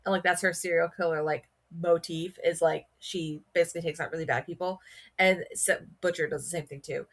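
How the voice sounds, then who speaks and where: A woman's voice: fairly low pitch, steady tone, brisk. A woman co-hosting a book podcast in casual chat, talking with many "like" fillers. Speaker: podcast co-host.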